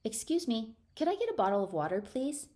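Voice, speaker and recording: A woman's voice: a little high, sing-song, brisk, warm tone, voice pushed up. A woman voicing a practical young woman who gets flustered and exasperated.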